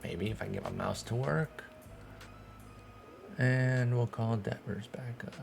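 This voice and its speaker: Gravelly young man chatting through a game. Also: mid-range voice, unhurried, over music. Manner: chatty, thinks aloud, sudden excited outbursts. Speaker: streamer playing a baseball management game. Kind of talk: casual gameplay commentary.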